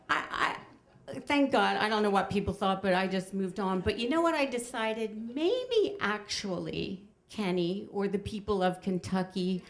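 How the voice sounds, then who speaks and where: Wry middle-aged woman telling a story. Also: medium pitch. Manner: wry, animated, slows for punchlines. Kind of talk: live storytelling performance. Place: stage before an audience.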